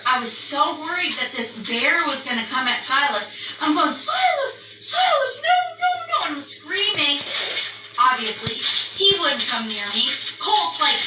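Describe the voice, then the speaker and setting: A woman telling a story in a casual chat, animated and swearing freely, acting out the barks and screams. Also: sits high. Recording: roomy echo, distant from mic, faint background noise.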